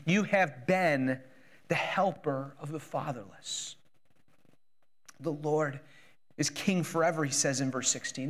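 Earnest male preacher with a higher voice. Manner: earnest preaching, dropping soft and low when reading prayers, rising for emphasis. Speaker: pastor. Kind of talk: sermon.

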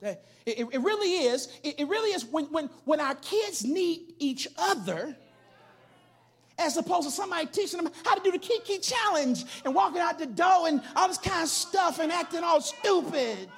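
Animated preaching man, high and lively. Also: moderate pace. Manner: preaching with shouted emphasis and stories; casual, everyday speech. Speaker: pastor. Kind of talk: sermon.

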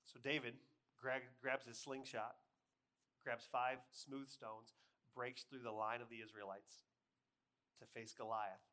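A man preaching a sermon, telling a story with lively shifts between loud acted-out lines and quiet appeals. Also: mid-range voice, measured pace, long pauses. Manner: animated storytelling, acting out voices, swings from loud to hushed. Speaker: pastor.

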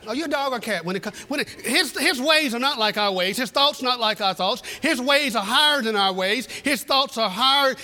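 A man's voice: very high voice, pushed and bright, big-room sound. A man preaching a sermon to a church congregation, telling a folksy, repetitive story with humor. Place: church sanctuary.

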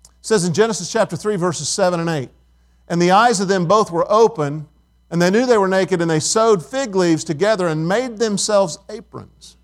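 Preaching at a moderate pace in a high-pitched voice, a middle-aged pastor talks with his congregation. He tells stories and asks them questions throughout the sermon.

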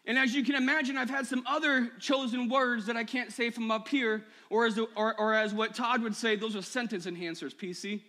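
High-voiced man preaching a sermon. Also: steady tone, fairly quick, few pauses. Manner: personal, builds to impassioned shouting. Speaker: pastor. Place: church sanctuary.

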